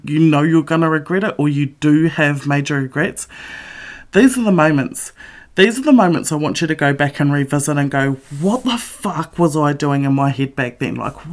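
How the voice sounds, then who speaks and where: A middle-aged woman and author giving a blunt, emphatic motivational monologue full of swearing. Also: low-pitched. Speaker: author and vlogger.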